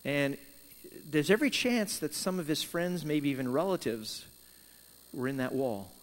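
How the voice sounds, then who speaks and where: A man preaching a sermon, telling a Bible story with lively emphasis and acting out the characters' words. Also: fairly high pitch, moderate pace, long reverb tail. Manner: animated storytelling, voicing Jonah and God in quoted lines. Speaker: pastor.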